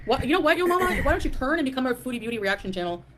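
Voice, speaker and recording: A woman's voice: sits high, big pitch swings, very fast, noisy background. A woman hosting a live stream, ranting in a defiant, dismissive way and greeting chat viewers. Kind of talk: casual live stream rant.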